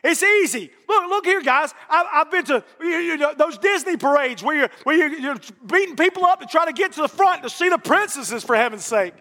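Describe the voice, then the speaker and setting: A man preaching a sermon in a church with passion, repeating phrases for emphasis and rising to shouts at the peaks. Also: extremely high pitch, animated, a little fast, few pauses. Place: church sanctuary. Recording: long reverb of a church hall.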